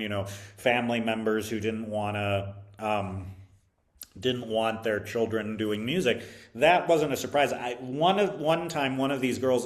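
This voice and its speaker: Thoughtful man telling stories, halting. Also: medium pitch. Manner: thoughtful, hesitant with many fillers and restarts. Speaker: interview guest, violin teacher. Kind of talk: reflective interview storytelling.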